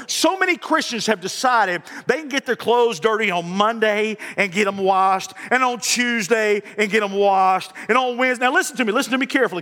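A man's voice: sits high, a bit bright. A man preaching a sermon in a church, folksy and emphatic, repeating his phrases. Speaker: pastor. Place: church sanctuary. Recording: long reverb of a large hall.

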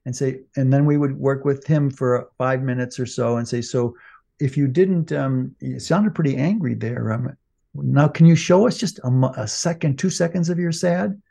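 A man's voice: mid-range voice, moderate pace, creaky, mellow. A man co-hosting a podcast, talking casually with many fillers and restarts. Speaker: podcast co-host.

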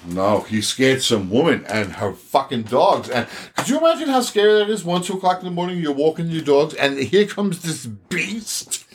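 An older man on a podcast, telling stories in a casual, animated way, swearing and laughing often. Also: a little high, normal speed, few pauses, a little hiss or hum. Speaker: podcast host. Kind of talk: casual chat.

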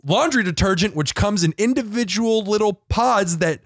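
A man's voice: high-pitched, expressive, normal speed, no echo, clean studio sound. Man playing a mock-formal complaining plaintiff. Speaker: comedy podcast co-host playing a plaintiff. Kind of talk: improvised comedy role-play.

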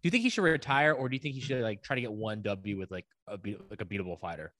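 A young man hosting a casual sports chat, relaxed and laughing as he steers the topics. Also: lowish voice, quick pace. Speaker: podcast host.

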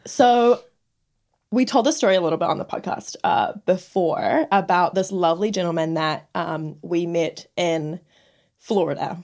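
A woman's voice: lowish voice, moderate pace, darkish tone. A young adult woman co-hosting a podcast, telling stories in casual chat, blunt and cheeky, swearing easily and acting out what people said. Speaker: podcast co-host.

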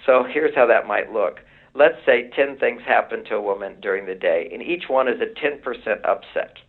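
A man's voice: mid-range voice, moderate pace. A man in his sixties, a relationship author speaking as a radio guest, lecturing emphatically and building his points through repetition, heard over a phone line. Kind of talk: explaining advice on a radio show.

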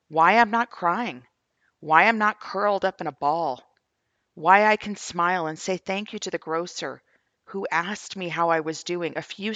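A woman's voice: lowish voice, a bit bright, dry recording, highs cut off. A middle-aged woman, a grieving mother, reads her own journal posts aloud in an earnest, questioning way as she shares her faith testimony.

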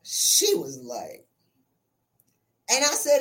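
A woman hosting a motivational podcast, talking blunt and colloquial, calling her listeners "sis" and swinging her voice high and low for emphasis. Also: moderate pace. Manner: animated, sassy and blunt, with wide swings in pitch and loudness. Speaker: podcast host and life coach. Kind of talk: motivational monologue.

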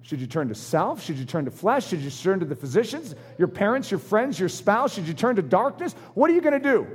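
A man's voice: high voice, brisk, breathy edge. A man preaching a sermon, acting out short voices in his illustrations. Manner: animated, acts out little voices in his illustrations. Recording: long hall reverb.

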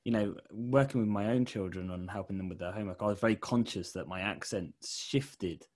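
A man's voice: fairly low pitch, brisk, a little mellow. A middle-aged man with a Portsmouth accent interviewing a guest, asking hesitant, self-correcting questions. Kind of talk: conversational interview.

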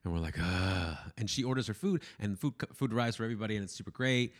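A man's voice: lowish voice, racing. A young man co-hosting a casual podcast, telling a story and acting out the voices of the people in it. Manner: animated, acts out quoted voices, laughs often. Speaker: podcast co-host.

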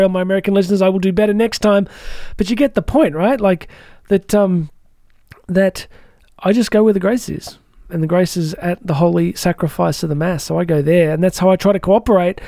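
A man's voice: sits high, mellow, dry recording, clean studio sound. A man hosting a devotional podcast for teachers, talking earnestly and repeating key lines for emphasis. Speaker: podcast host and speaker for Catholic teachers. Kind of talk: devotional motivational talk.

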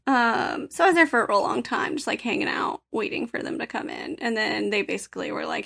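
Young woman, high voice, chatty and giggly, just chatting on a podcast. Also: fairly quick, gravelly, few pauses, fairly bright tone. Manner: chatty, laughing storyteller. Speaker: podcast co-host. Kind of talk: casual chat.

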